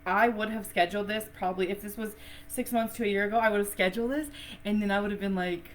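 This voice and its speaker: A woman's voice: mid-range voice, steady tone, quick pace, slight background noise. A woman teaching breathwork on a live online session, chatty and effusive, laughing often and using a lot of fillers. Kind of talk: casual live-stream teaching.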